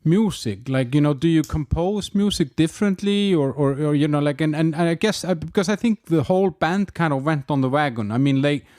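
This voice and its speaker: Rambling, halting male podcast interviewer. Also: on the high side, darkish tone, dry recording, clean studio sound. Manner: halting, rambling questions with many restarts. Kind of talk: conversational interview.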